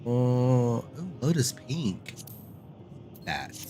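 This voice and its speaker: A man's voice: mid-range voice, big pitch swings, extremely slow, over music. A man streaming a game, giving casual gameplay commentary with chatty, self-deprecating asides.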